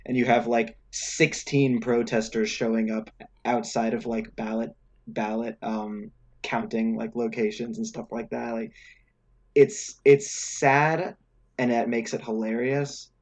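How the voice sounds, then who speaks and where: A man's voice: mid-range voice, level tone, measured pace, darkish tone. A young man co-hosting a podcast, chatting casually about politics with lots of fillers and restarts. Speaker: podcast co-host.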